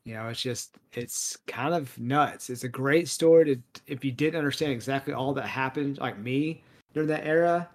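A man's voice: medium pitch, moderate pace. A man co-hosting a podcast, chatting casually about movies with plenty of fillers and laughter. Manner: animated, laughing, lots of fillers. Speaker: podcast co-host. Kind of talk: casual chat.

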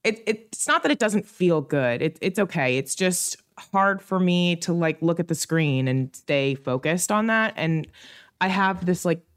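A woman in her late twenties co-hosting a relaxed podcast chat with a friend. Her voice sits a little low, but her stories leap up in pitch as she gets animated. She laughs often and swears casually. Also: unhurried, clear, resonant tone. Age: late 20s. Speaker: podcast co-host.

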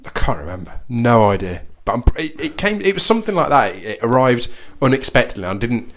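Male co-host, medium pitch, expressive range, dry humor, hesitant casual delivery. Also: fairly quick, a little hiss or hum. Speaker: podcast co-host. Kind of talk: casual film chat.

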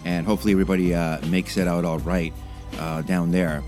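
Canadian guy in his late 30s doing a solo podcast, kinda low voice, rambly with lots of uhs, bit of music in the back. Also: level tone, a little fast. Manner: rambling, many filler words and restarts. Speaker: podcast host. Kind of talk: casual solo podcast chat.

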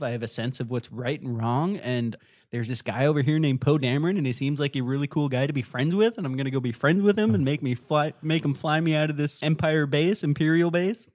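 Enthusiastic male podcast co-host, dry close sound, lively casual delivery. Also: on the high side, dry recording. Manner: enthusiastic, animated storytelling. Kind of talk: casual chat.

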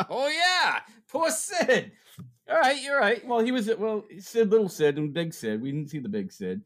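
A man's voice: high-pitched, sing-song, unhurried, a bit bright. A man co-hosting a casual podcast chat, teasing his co-host and laughing often.

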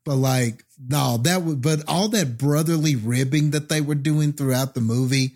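Podcast co-host, man, excited, filler-heavy film chat. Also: fairly high pitch, moderate pace. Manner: enthusiastic, filler-heavy, chuckling. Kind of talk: casual movie review chat.

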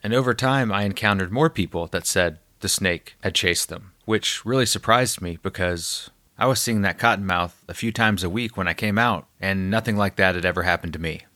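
A man calmly telling a personal story, quoting the people he met along the way. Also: deep voice, normal speed, few pauses, no echo. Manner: calm, reflective storyteller.

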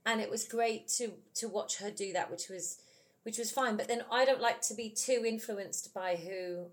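A woman's voice: fairly high pitch, normal speed. A woman with a British accent, an actress chatting in an interview with lots of animation and laughter. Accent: British English. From England. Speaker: musical theatre actress, guest. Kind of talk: casual interview chat.

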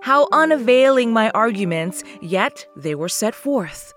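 A woman narrating a classic story in a slow, measured, wistful way. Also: a little high, lively intonation, a bit bright, faint music behind.

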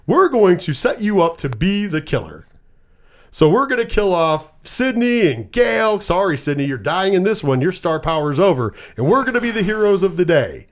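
A man's voice: high voice, big pitch swings, normal speed. A man casually recapping a movie plot, cursing freely and rambling as he retells scenes. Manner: profane, rambling storyteller.

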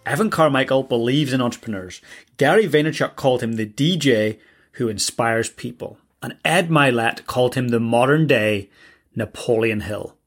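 A man hosting a podcast, reading his show intro and a guest introduction in an upbeat, energetic way, then greeting his guest. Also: medium pitch, normal speed, soft background music. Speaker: podcast host and success coach.

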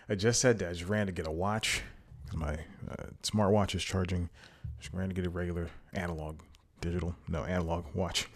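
A man's voice: low-pitched, fairly even intonation, moderate pace. A man hosting his own podcast, rambling casually with lots of fillers and self-corrections, a little out of breath. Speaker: podcast host. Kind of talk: casual solo podcast chat.

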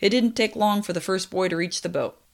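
A young woman narrating a true story in a lively way, with apologetic, self-deprecating asides. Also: mid-range voice, fairly quick, creaky. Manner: lively, laughs at own slips, apologetic asides.

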